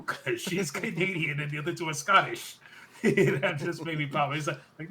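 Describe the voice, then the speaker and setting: A man's voice: fairly high pitch, fairly quick, a little hiss or hum. A man hosting a podcast, rambling through a wrestling recap and often correcting himself mid-sentence. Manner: rambling, self-correcting, excited recounting. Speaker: podcast host. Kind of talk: casual wrestling recap chat.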